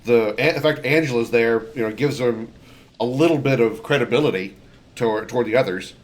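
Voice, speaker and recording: A man's voice: medium pitch, a little fast. Streamer, man, casual rambling gameplay talk. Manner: rambling, critical.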